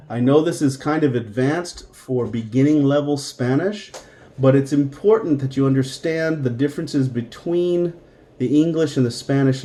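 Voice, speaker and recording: A man's voice: mid-range voice, dark tone. A man teaching a beginner Spanish lesson, patiently drilling verb forms one by one. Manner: patient, drills words slowly. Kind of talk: classroom-style language lesson.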